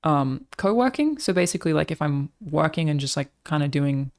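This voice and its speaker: Australian woman streamer with a creaky, gravelly voice; chatty and swears freely. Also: low-pitched, lively intonation, fairly quick, darkish tone. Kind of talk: casual chat to a live stream audience.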